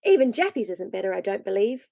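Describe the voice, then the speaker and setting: A woman voicing a practical older brother who speaks calmly and reassuringly. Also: mid-range voice, quick pace, creaky, dry recording.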